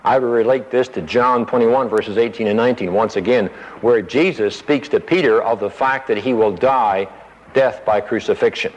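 A man teaches through a Bible passage, verse by verse, and at times acts out the disciples' words in a higher, pleading voice. The sound is a dull radio broadcast with a long reverb trailing behind him. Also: normal speed.

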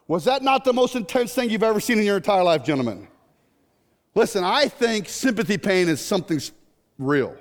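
A middle-aged man preaching a sermon, animated and jokey, breaking into sudden shouts. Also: extremely high pitch. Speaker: pastor. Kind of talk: sermon with comic stories. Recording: long hall reverb.

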